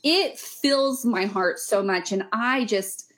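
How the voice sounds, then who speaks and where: A young adult woman who coaches weightlifting and runs camps for women speaks earnestly on a casual podcast, rambling and using lots of fillers. Her voice is medium-pitched, slow and fairly bright.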